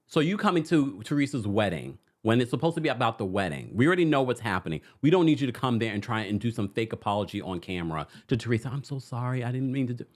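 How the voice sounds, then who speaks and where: A man's voice: mid-range voice, fast talker, hardly any pauses. A man hosting a casual reality TV recap, talking to his viewers and reading their comments aloud. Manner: animated, acts out quotes, reads viewer comments.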